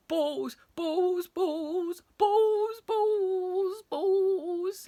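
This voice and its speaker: A woman reading a bedtime story, animated, acting out sound effects and dropping to whispers. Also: on the low side, no room sound.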